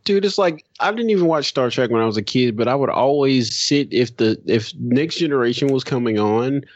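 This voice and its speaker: A man's voice: mid-range voice, expressive, a little fast, no room sound. Rambling man, dull lo-fi sound. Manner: loose and rambling, lots of "like" and "you know". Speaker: podcast co-host. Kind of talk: casual chat.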